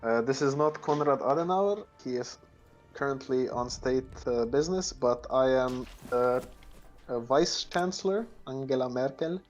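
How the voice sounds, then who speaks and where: A man's voice: mid-range voice, measured pace, soft background music, natural voice. Man playing a stiff, formal government official. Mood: stern formal. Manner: hesitant, many fillers, insists on formality. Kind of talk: improvised role-play in an online game.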